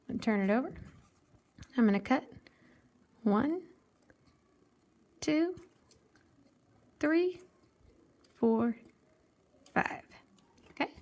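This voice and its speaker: A woman art teacher giving a patient step-by-step craft lesson for children, counting aloud slowly and explaining with a simple story. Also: a little high, darkish tone.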